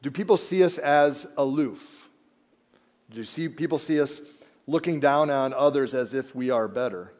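A man preaching a sermon, animated, acting out biblical characters and dropping to quiet emphasis. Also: medium pitch, normal speed. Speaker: pastor.

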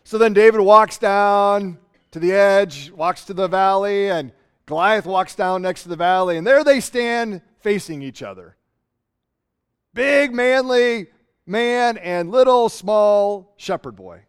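A man preaching a sermon, telling a story in an animated way and acting out the voices. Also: sits high, takes it slowly, clear, resonant tone. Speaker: pastor.

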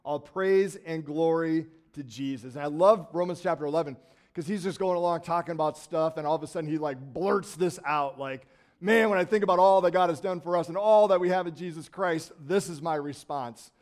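Enthusiastic conversational male pastor preaching. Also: fairly high pitch. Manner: conversational and enthusiastic, with asides and quick bursts of excitement. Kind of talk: sermon. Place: church sanctuary.

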